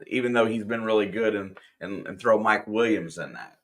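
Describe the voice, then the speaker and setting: A man's voice: on the low side, normal speed, fairly bright tone. A man co-hosting a game reaction stream, giving easygoing, jokey analysis. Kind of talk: casual game analysis chat.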